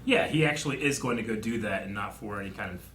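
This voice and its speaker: A man's voice: on the low side, fast, a bit bright, reverberant, slight background noise. A man hosting a casual reaction chat, talking through a TV episode with friends and often trailing off mid-thought. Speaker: show host reacting to TV.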